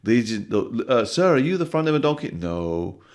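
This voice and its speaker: A man voicing a mocking male circus head clown, with booming showman announcements. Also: very animated, normal speed, darkish tone, lightly acted.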